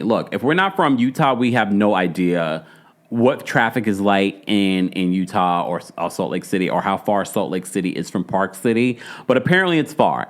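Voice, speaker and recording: A man hosting a casual, opinionated recap of a reality show, talking emphatically and mimicking the people he discusses. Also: low voice.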